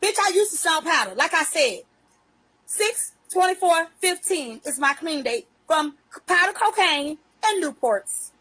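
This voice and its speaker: A woman's voice: extremely high pitch, animated, unhurried, bright, forceful tone, rough recording. A woman hosting a livestream and ranting in a profane, confrontational way, stretching out her emphatic phrases. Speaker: livestream host. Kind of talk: unscripted livestream rant. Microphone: phone livestream.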